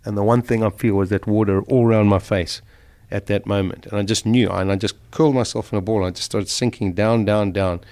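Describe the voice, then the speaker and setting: A man's voice: fairly low pitch, steady tone, a little fast, hardly any pauses, a little mellow. A middle-aged man, a guest in an interview, vividly and emotionally retelling a survival ordeal. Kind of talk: storytelling in an interview.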